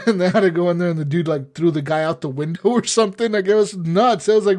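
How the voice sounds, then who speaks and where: A young man co-hosting a casual gaming podcast, telling stories in an animated, profane way. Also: sits high, brisk. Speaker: podcast co-host.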